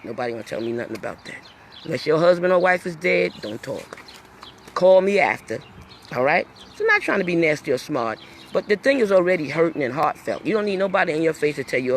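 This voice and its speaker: Gravelly middle-aged woman, lively rambling talk. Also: low-pitched, fairly quick, a little hiss or hum. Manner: rambling, emphatic, folksy and faith-filled. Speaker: talk show host. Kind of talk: casual vlog monologue.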